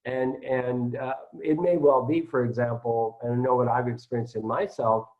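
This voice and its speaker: A man's voice: medium pitch, fairly even intonation, moderate pace. Man spiritual teacher, hesitant and musing, slightly dull recording. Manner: musing, hesitant, many fillers. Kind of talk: casual satsang talk.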